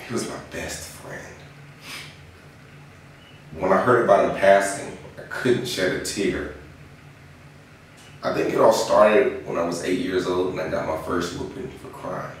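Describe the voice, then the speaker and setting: A young man with a fairly low voice delivers a dramatic spoken-word confession. He is earnest, sinking to a hush and then rising with passion. He is recorded far from the mic in a very echoey room with a faint hiss behind him. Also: moderate pace. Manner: earnest, swings from hushed to impassioned.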